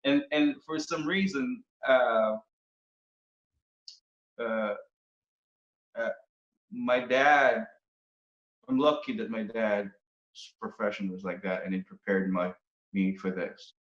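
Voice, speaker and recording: Man from the Philippines, guest musician, halting casual talk; roomy, muffled podcast recording. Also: on the low side, fairly even intonation, fairly bright tone. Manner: hesitant, restarts often. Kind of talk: casual interview chat. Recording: roomy, dull podcast audio.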